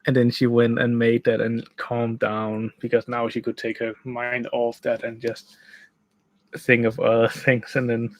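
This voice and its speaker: A man's voice: medium pitch, monotone, unhurried, no echo, poor audio. A man casually telling a rambling story from a room by a bed, full of restarts and "like". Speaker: gaming channel host.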